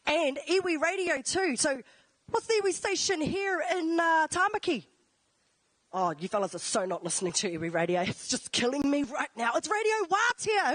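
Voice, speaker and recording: A woman's voice: high-pitched, fairly bright tone, no echo. A New woman introducing a speaker on stage at a live event, playful and teasing with the young crowd. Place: large indoor venue.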